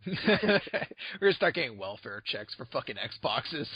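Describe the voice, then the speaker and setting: A man's voice: medium pitch, sing-song, measured pace, bright, forceful tone, slightly rough, dry recording. A man co-hosting a podcast in casual chat, joking and swearing, now and then slipping into silly put-on accents. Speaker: podcast co-host.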